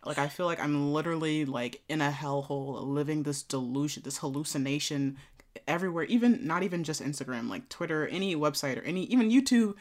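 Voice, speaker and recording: A woman in casual chat, expressive, often swooping up into high mocking voices. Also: brisk.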